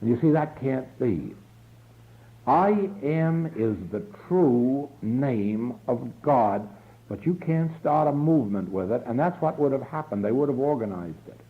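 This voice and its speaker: A man giving a slow, earnest spiritual lecture in a church hall, from a 1950s archival tape recording. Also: medium pitch, animated, narrow, tinny audio. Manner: slow, earnest, deliberate delivery. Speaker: spiritual teacher.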